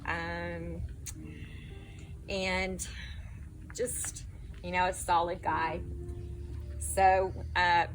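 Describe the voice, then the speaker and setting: A woman's voice: fairly low pitch, little pitch movement, drawn-out words, long pauses, soft background music. A middle-aged woman giving a eulogy for her father-in-law, fondly reminiscing with laughs between memories. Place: memorial service.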